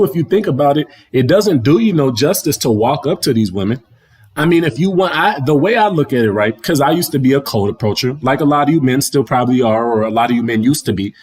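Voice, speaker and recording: Fairly high and slightly rough, this young adult man's voice carries a loose, slangy rant from his livestream. He keeps coming back around to the same points, speaking into a livestream mic.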